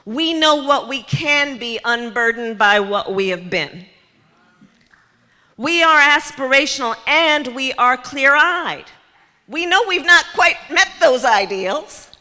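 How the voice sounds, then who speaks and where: A woman political candidate delivers a rhetorical campaign speech to a crowd in a large community center hall, repeating key phrases. Her high voice is pushed and bright, with lively intonation and a slow pace. The hall is reverberant, with a faint crowd audible.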